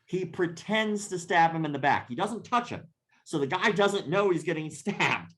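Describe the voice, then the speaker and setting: A man's voice: on the high side, expressive, normal speed, fairly bright tone. A man, a podcast guest, telling a long anecdote in casual, profane talk and often laughing as he goes. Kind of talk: casual storytelling.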